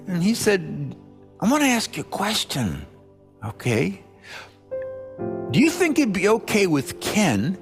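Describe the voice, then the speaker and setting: A man preaching, telling a story and acting out the dialogue as he goes. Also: on the high side. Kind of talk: sermon storytelling. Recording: music playing underneath.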